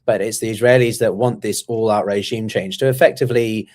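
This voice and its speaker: Man, low voice, guest analyst, hesitant, lots of ums and restarts, thoughtful commentary. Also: fairly even intonation, a little mellow. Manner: measured, with frequent ums and restarts. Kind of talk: conversational commentary.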